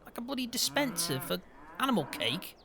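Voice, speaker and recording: Lively, teasing man. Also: extremely high pitch, fairly quick, gravelly, a little hiss or hum. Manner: cheeky, teasing, lively banter. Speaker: role-play game host. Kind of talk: game role-play chat.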